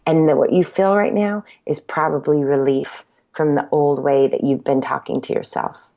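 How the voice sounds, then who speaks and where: A woman's voice: low-pitched, fairly even intonation, moderate pace, gravelly, warm tone. Passionate woman, fitness instructor. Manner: passionate, emphatic, acts out her own self-talk. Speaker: fitness instructor and workout creator. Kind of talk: interview conversation.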